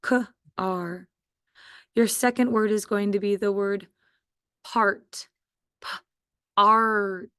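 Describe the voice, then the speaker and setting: A woman teacher giving a slow, patient spelling dictation to first graders. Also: medium pitch, smooth, no room sound, studio quality. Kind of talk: spelling quiz dictation for young students.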